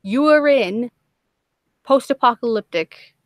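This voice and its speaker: A woman's voice: a little high, lively intonation, slow pace, no room sound. Brash, profane woman. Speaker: live stream host. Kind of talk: casual live stream chat.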